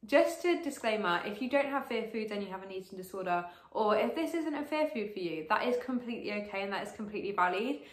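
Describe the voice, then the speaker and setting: A woman in her late teens chatting to camera as a vlogger while she eats, gushing and excitable, with lots of fillers. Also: medium pitch, fast, hardly any pauses. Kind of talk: casual to-camera vlog while eating. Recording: roomy echo.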